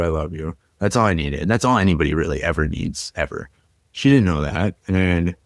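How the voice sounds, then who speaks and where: A man's voice: deep voice, dry recording, studio quality. A young adult man from Minnesota, a podcast guest reflectively telling his personal story with frequent fillers.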